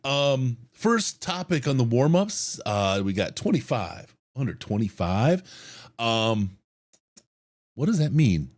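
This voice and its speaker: A man's voice: mid-range voice, sing-song, slow pace. A man hosting a casual sports podcast, playful and upbeat, joking and laughing with his co-host.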